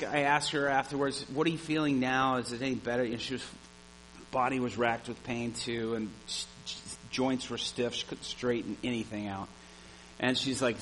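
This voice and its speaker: A man preaching a sermon, telling a story with animated energy. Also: mid-range voice, a little hiss or hum, rough recording. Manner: animated storyteller, shouts at the climax.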